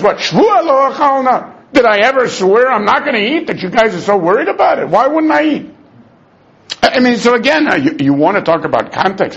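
Animated husky man teaching Talmud. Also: high-pitched. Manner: animated, argumentative, mixes Aramaic terms and stammered restarts. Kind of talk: Talmud lesson. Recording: dull lo-fi recording.

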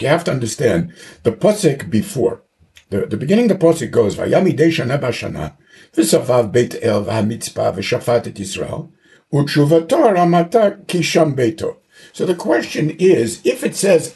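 A man giving a Talmud lesson, animated and casual, mixing English with Hebrew and Aramaic terms. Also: medium pitch, creaky. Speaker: Talmud teacher. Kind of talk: Talmud lecture.

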